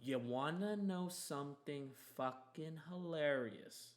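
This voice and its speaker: A man's voice: on the high side, slow pace, noisy background. A young man hosting a podcast, telling a story in a heated, emphatic way and swearing often. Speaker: podcast host. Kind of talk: casual storytelling chat.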